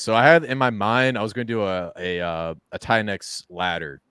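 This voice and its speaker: Animated low-voiced male crypto host. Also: brisk, clean tone, no room sound, clean studio sound. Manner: animated storyteller, swings loud when excited. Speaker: podcast host. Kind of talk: casual crypto interview chat.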